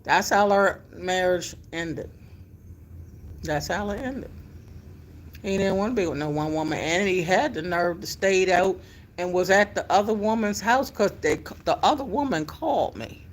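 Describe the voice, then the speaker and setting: A middle-aged woman, telling a personal story in a casual, animated way with emphatic exclamations. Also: on the low side, a little slow, slight background noise. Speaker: vlogger telling her life story.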